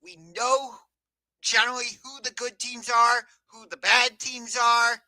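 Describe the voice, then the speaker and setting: A man from the Cleveland area hosting a live sports talk show, chatty and energetic, sometimes correcting himself mid-sentence. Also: very high voice, unhurried, no room sound, poor audio. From Cleveland area, USA.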